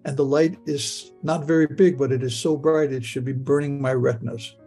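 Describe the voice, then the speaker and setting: A man's voice: mid-range voice, fairly even intonation, moderate pace, warm tone, slightly rough, soft background music. An older man telling a personal story in the present tense, stammering and repeating words as he goes. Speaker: near-death experience storyteller.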